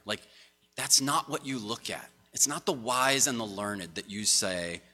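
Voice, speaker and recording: A man's voice: medium pitch, lively intonation, measured pace, sharp tone, husky. A man giving a conversational, story-driven sermon to a congregation as pastor. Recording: long hall reverb.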